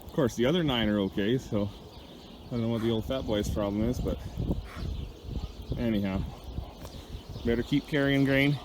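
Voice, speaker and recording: A man of medium pitch, moderate pace, and long pauses chats while doing chores as a cattle rancher on a snowy ranch. Somewhat out of breath, he rambles and talks to his dog, and the outdoor recording picks up cattle and birds.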